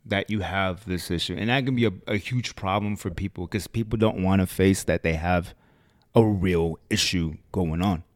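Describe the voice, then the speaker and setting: A man's voice: low-pitched, moderate pace, no echo, studio quality. A man who coaches fitness clients, talking loosely on a podcast with lots of fillers. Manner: loose and conversational, frequent fillers. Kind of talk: casual podcast chat.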